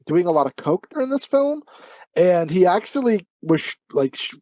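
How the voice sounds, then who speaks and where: A man on a casual film podcast, his voice dry and close with no room around it. His pitch moves animatedly as he drops trivia and wry asides. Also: sing-song, normal speed, a little mellow, no echo. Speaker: podcast co-host. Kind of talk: casual film review chat.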